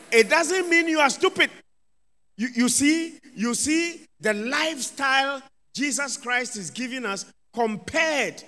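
A man's voice: very high voice, sharp tone. A man, a bishop preaching a sermon with emphatic call-outs of hallelujah and amen. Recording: long reverb of a large hall.

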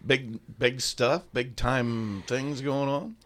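A man's voice: medium pitch, fairly even intonation, takes it slowly. An older man hosting a radio show, chatting casually in a rambling, self-mocking way and laughing often. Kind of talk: casual on-air chat.

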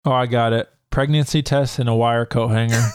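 A man's voice: mid-range voice, steady tone, fairly quick, clear, resonant tone. A man co-hosting a podcast, chatting casually, teasing the others and swearing a lot. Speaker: podcast co-host. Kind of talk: casual chat.

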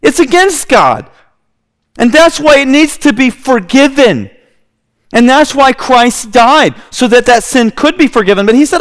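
A man delivers a sermon, telling the story with lively animation. His voice sits high and swings widely in pitch, full of expression. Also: moderate pace. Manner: animated storytelling, acting out scenes with kids. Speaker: preacher.

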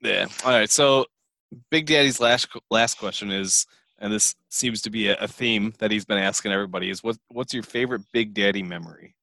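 Low, bright-toned man hosting an interview. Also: a little fast, vocal fry, dry recording. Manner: reads out listener questions, laughs easily. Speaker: podcast host. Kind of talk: casual interview.

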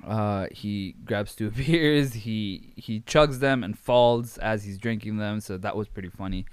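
Young male podcast host, casual rambling recap style, clear voice, dead-dry recording. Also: on the low side, measured pace, dry recording. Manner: rambling, filler-heavy, amused.

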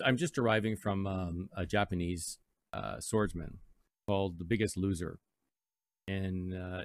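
A man's voice: fairly low pitch, no echo. A man hosting a live radio show from a studio, talking casually and rambling through reflective stories with playful mock voices. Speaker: radio host.

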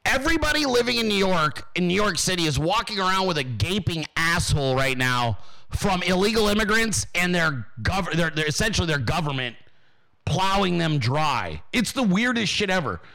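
A man's voice: high-pitched, sing-song, moderate pace, sharp tone. A male podcast host in a profane, mocking rant, often mimicking imagined people.

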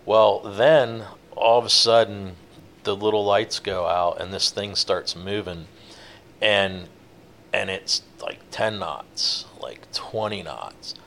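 A man telling a long fishing-boat story in a relaxed, rambling interview, with many fillers. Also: on the low side, slow, slight background noise. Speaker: guest, offshore fishing boat captain.

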